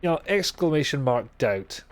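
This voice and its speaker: A man's voice: fairly high pitch, very animated, normal speed. A man streaming a video game live, commenting in a sweary, exasperated and sarcastic way.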